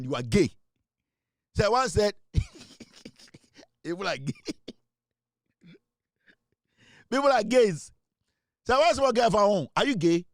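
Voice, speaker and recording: A young man with a Ghanaian accent hosts an off-the-cuff monologue. His voice sits high, and he needles listeners with the same rhetorical questions again and again, slipping between English and Twi. The recording is close and dry. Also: no room sound. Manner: teasing, repetitive rhetorical questions. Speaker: show host. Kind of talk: casual monologue.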